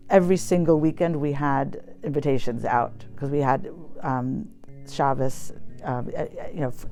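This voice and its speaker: A woman's voice: low voice, warm tone. Chatty American woman recalling her story. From United States. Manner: chatty and reflective, many fillers. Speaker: poet and academic. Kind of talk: personal storytelling interview.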